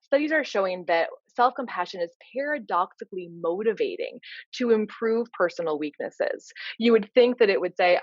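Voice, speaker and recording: A woman's voice: mid-range voice, animated, normal speed, no echo, dull audio. A woman coach giving an informal lecture, earnest and explanatory, often filling with "you know". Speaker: leadership coach.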